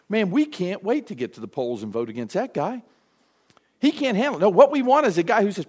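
A man's voice: high-pitched, fast. A man preaching a sermon, acting out the voices of the people he quotes. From United States. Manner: animated, acts out quoted voices. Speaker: pastor.

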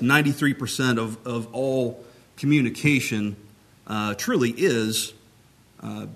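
A man's voice: mid-range voice, a bit bright. Male preacher, mid-range voice, plain conversational teaching tone, talks with his hands. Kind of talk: teaching sermon.

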